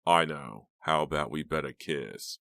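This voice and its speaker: A man reading an audiobook, voicing a low-voiced teenage boyfriend who is easygoing and teasing. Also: measured pace, gravelly, bright, forceful tone, no room sound, clean studio sound, exaggerated voice.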